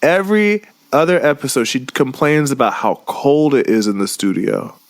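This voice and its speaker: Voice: mid-range voice, big pitch swings, normal speed, dry recording. A podcast co-host in casual, profane chat who laughs hard at the stories.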